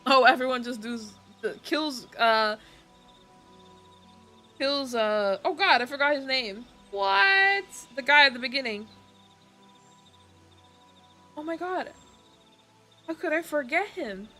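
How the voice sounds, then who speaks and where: A woman's voice: high voice, unhurried, pauses often, pushed and bright, soft background music. A woman, a Portuguese speaker, chatting casually on her stream and laughing often. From Brazil. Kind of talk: casual chat.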